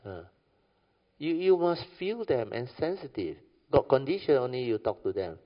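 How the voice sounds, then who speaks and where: This Buddhist dharma speaker, a man with a Malaysian English accent, has a mid-range, sing-song voice and talks at normal speed. His informal talk is chatty and full of stories, and he keeps asking "understand or not?" The recording sounds dull and lo-fi, captured in an echoey hall.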